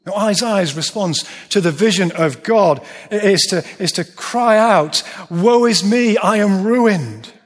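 A man preaching a sermon, emphatic, slowing down and dropping low to stress his words. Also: a bit bright, slightly rough. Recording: long reverb of a large hall.

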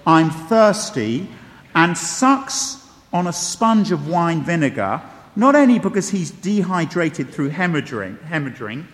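A man's voice: on the high side, sing-song, moderate pace, fairly bright tone. A man preaching a sermon, conversational and emphatic, with wry asides and repeated key phrases. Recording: long reverb of a large hall.

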